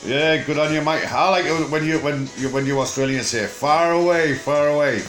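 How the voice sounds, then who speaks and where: A man's voice: medium pitch, fairly bright tone, faint music behind. Rambling older man, Teesside accent, echoey. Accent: Teesside English. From England. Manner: rambling, jokey and chatty, with frequent filler pauses. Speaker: vlogger. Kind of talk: casual rambling chat to camera.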